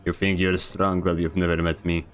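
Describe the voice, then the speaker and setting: A man's voice: low voice, flat delivery, normal speed. A man streaming a video game, giving a sarcastic, grumbling running commentary. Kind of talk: live gameplay commentary.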